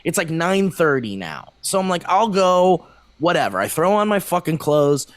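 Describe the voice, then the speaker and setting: A man's voice: on the high side, very animated, normal speed, no echo. A man co-hosting a podcast, telling a casual, rambling story to friends, laughing often and swearing freely. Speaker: podcast co-host. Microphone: remote call microphone.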